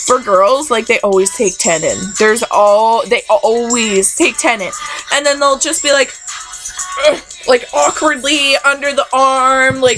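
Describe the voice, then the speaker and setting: A young woman rants about fitting room customers in a casual vlog. Her voice is bright and a little high, with an exasperated, sarcastic edge and a constant "like". Faint music plays behind her. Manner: exasperated, sarcastic, heavy use of "like", acts out customers.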